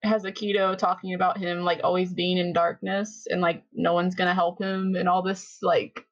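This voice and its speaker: A woman's voice: fairly low pitch, flat delivery, moderate pace, no room sound, dull audio. A young woman co-hosting a podcast, chatting casually as she recaps an anime and acts out the characters' lines, laughing often. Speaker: podcast co-host.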